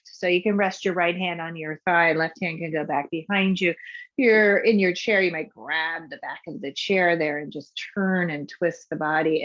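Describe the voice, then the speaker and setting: Soft-spoken woman guiding yoga breath. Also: on the low side, dull audio. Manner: soft, calm cueing that trails off quietly on exhales. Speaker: yoga instructor. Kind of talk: guided yoga and breathing instruction.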